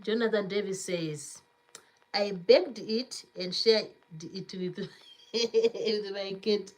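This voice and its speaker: A woman's voice: mid-range voice, slow, low-quality recording. A woman hosting a cooking channel, chatting casually on a live stream, reading viewer comments aloud and laughing often as she repeats herself.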